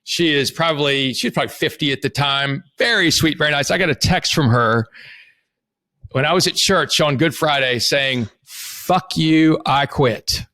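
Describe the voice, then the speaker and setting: A man's voice: fairly high pitch, normal speed, bright, forceful tone. A man hosting a podcast, telling a candid story in a casual interview and swearing now and then. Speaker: podcast host.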